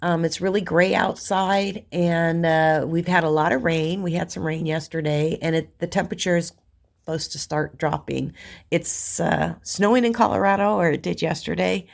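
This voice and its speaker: A woman chats casually to her viewers while she crafts, rambling from one thing to the next. Her voice sits a little low and has a gravelly edge. A cold leaves her congested and stuffy. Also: a little mellow. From Virginia. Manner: rambling, chatty. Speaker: crafting channel host.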